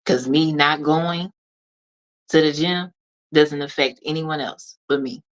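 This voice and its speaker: A woman's voice: low-pitched, fairly even intonation, slow, low-quality recording. A woman speaking as a motivational consultant, talking straight to the listener in an emphatic, preachy way that repeats phrases for stress. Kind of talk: motivational monologue.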